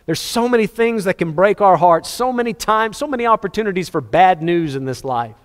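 A man's voice: lively intonation, fairly quick. Impassioned male preacher in a reverberant hall. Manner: impassioned, swinging between loud high-pitched appeals and hushed low passages. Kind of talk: sermon. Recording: long reverb of a large hall.

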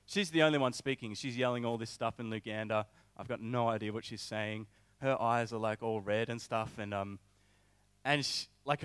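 A young man preaching a sermon, telling a personal story in an animated way with many filler words. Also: mid-range voice, clean tone, no echo.

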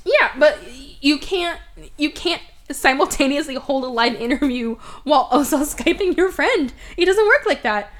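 A woman's voice: sits high, animated, normal speed, a bit bright. A woman hosting a podcast, animatedly recapping a movie's plot in casual chat, acting out the characters' lines and swearing freely. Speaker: podcast host.

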